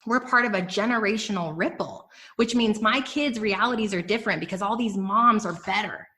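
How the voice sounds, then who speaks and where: Bright, emphatic woman podcast host. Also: mid-range voice, brisk. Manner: energetic, emphatic, addresses listeners as "you guys". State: emotional, near tears. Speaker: podcast host and business coach. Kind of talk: motivational podcast talk.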